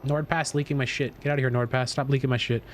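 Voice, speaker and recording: A man streaming live, chatting casually while gaming, boastful and excitable, swearing freely. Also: mid-range voice, fast talker.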